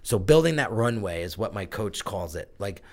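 A man's voice: lowish voice, lively intonation, moderate pace. Candid man telling a personal story. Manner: candid, emotional, swears casually. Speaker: guest, brand strategist. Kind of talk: conversational interview storytelling.

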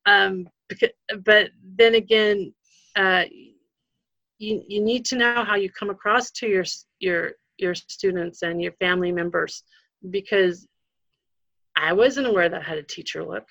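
A woman's voice: medium pitch, a little slow, vocal fry, bright, forceful tone, no echo. Earnest woman with a dull lo-fi sound. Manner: earnest, many fillers and restarts. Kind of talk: casual advice talk.

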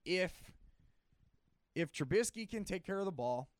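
A man in a casual sports debate who is losing his voice, animated, often clearing his throat and restarting his sentences. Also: high voice, a little slow, no room sound. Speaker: sports talk co-host.

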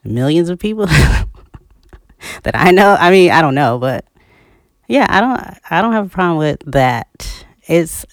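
A lively, emphatic co-host in relaxed conversation, whose voice jumps up in pitch whenever a point lands and who breaks into laughter often. The voice is mid-pitched and recorded close and dry, with no room sound. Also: unhurried, no room sound. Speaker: podcast co-host. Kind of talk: casual discussion.

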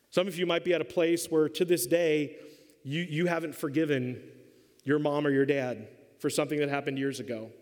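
A middle-aged man preaching a sermon as a pastor, telling a funny story and acting out the voices. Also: sits high. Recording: long hall reverb.

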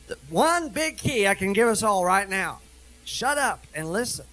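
A middle-aged man preaching a sermon as a minister, animated, darting through quick asides and slowing down to read scripture with heavy emphasis. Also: high-pitched, low-quality recording.

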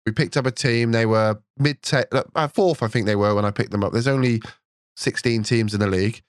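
A man co-hosting a podcast, chatting and telling a long story with excited energy. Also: mid-range voice, brisk, dry recording, studio quality. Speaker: podcast co-host. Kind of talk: casual podcast chat.

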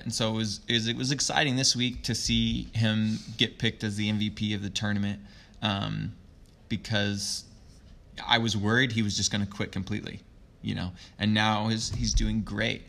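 A man talking as a youth sports coach in an interview, earnest and reflective, telling a story in a soft, thoughtful way. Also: lowish voice, creaky. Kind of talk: conversational interview.

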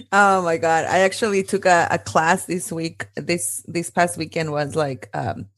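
A woman's voice: lowish voice, slow, fairly bright tone. A woman in her thirties co-hosting a podcast in casual chat, laughing often and mixing in Spanish phrases. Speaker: podcast co-host.

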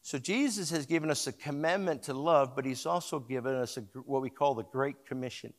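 A mid-range male voice, fairly quick, preaches a sermon that alternates hushed story retelling with loud, emphatic exhortation, and he calls on the congregation to say words back after him. A long reverb tail follows his speech.

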